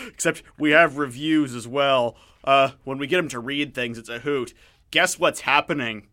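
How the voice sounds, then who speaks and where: A man's voice: mid-range voice, lively intonation, a little slow, bright, forceful tone. A man hosting a radio show in casual chat, rambling, joking and mocking himself while he reviews books. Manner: rambling, jokey, self-mocking. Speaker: radio host.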